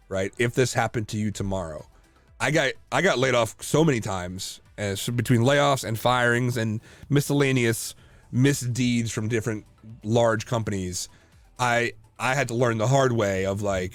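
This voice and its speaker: A man co-hosting a casual podcast chat, telling lively stories full of fillers and restarts. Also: mid-range voice, normal speed, no room sound, faint music behind. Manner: animated storyteller, many fillers and restarts. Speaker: podcast co-host.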